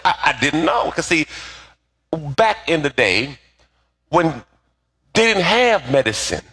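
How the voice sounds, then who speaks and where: A middle-aged pastor preaches a sermon with animated storytelling, calling on the congregation to answer back. His husky voice sits on the high side, moving slowly with frequent pauses.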